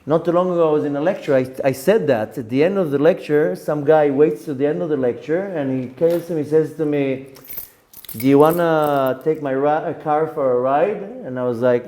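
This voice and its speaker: Man, rabbi giving a weekly Torah class; higher voice, warm dark tone, chatty storyteller. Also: normal speed. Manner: animated storytelling with personal anecdotes and Hebrew phrases. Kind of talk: Torah lesson.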